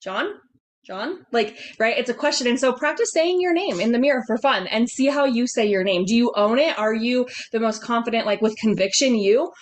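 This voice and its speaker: A woman's voice: fairly high pitch, brisk, few pauses, a little hiss or hum. A woman business coach giving upbeat, chatty sales coaching on a group video call, laughing often.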